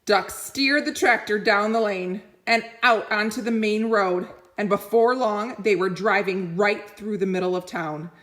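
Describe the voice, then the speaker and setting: A woman reading a children's picture book aloud, expressive and doing little voices for the animals. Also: mid-range voice, unhurried, few pauses. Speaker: reader.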